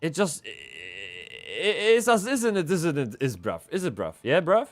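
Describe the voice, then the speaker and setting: A man streaming a game live, rambling and swearing as he swings from excited yelling to low muttering. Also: measured pace, creaky. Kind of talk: live gameplay commentary.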